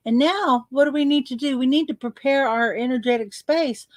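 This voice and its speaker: A woman coach leading a guided visualization, slow and playful, repeating words for emphasis. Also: sits high, no echo.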